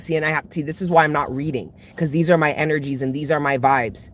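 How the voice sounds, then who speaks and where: A woman's voice: sits low, fairly even intonation, fast. A woman who reads tarot for her channel, venting casually to her viewers in a blunt, heavily cursing way that keeps building into outbursts. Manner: blunt, heavy swearing, emotional outbursts. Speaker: tarot reader and channel host.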